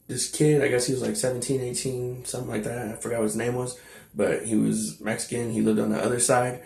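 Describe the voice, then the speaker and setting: A man's voice: mid-range voice, creaky, darkish tone, roomy sound. A young man telling a personal story in a rambling, blunt way, with many fillers and asides. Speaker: vlogger telling his life story.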